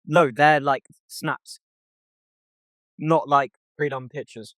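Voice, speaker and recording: A young man's fairly high, steady, fairly bright voice takes its time in this dry recording. As a podcast co-host in casual conversation, he tells a story by reading out texts and swears a lot.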